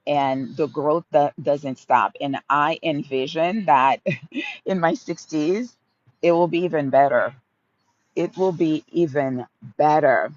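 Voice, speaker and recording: A woman's voice: low voice, a little slow, a little mellow, dull audio. A woman in her fifties from Haiti hosting a casual outdoor phone livestream, talking with viewers and repeating her phrases fondly. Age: 50s. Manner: affectionate, repeats phrases, greets viewers by name. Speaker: livestream host. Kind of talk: casual live chat answering viewers. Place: outdoors in a sunny park.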